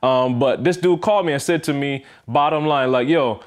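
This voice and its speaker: A man's voice: mid-range voice, normal speed. A man hosting a podcast in casual motivational talk, emphatic and repeating his points for stress. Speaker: podcast host.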